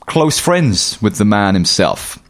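A man hosting a podcast, telling animated anecdotes and swearing freely. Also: lowish voice, takes it slowly. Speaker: podcast host. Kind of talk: casual podcast chat.

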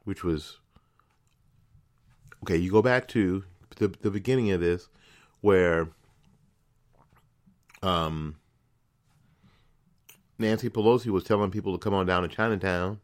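A man with a lowish voice runs a political commentary podcast. He talks indignantly and emphatically. He stacks rhetorical questions and stumbles through repeated words as he presses his case. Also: unhurried, pauses often. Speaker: podcast host.

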